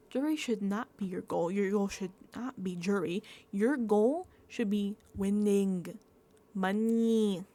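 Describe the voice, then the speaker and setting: A woman giving a casual, emphatic reality-show recap and reaction, talking fast with lots of fillers. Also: medium pitch. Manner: animated, emphatic, filler-heavy chatter. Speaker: recap vlogger.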